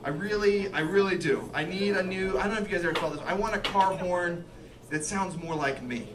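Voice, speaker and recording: A young adult man performing a stand-up comedy set, lively and quick to act out voices, with audience laughter between his lines. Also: high voice, background noise. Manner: animated, acts out voices in quick bursts. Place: comedy club stage with live audience. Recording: distant mic, loud crowd laughter.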